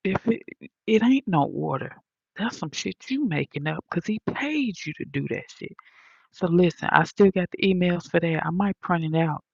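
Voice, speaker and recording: A woman's voice: on the low side, moderate pace, creaky, breathy edge, dry recording, dull audio. A woman telling her own story in a casual vlog, blunt and profane, acting out what others said. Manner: animated, profane, blunt retelling with quoted voices.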